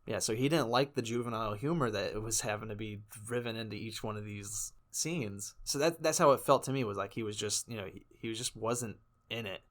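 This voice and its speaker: A man's voice: lowish voice, a little fast, hardly any pauses. A man co-hosting a podcast in casual chat, rambling and laughing often between jokes. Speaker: podcast co-host.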